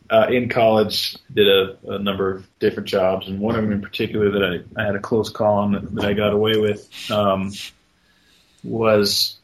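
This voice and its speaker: Low, flat-voiced man starting a story. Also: moderate pace, slight background noise, rough recording. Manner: hesitant, with many fillers. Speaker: podcast co-host. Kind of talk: casual chat.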